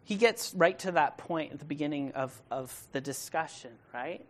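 A preacher giving a casual, conversational sermon, asking rhetorical questions and paraphrasing in modern slang, building to loud emphatic bursts. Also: mid-range voice, normal speed.

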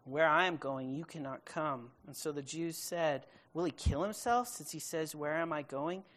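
A woman leading a Bible study, reading scripture aloud and then restating it in casual everyday speech, slowing down to stress key words. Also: sits low, fairly bright tone. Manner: emphatic, stretches key words slowly. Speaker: Bible teacher.

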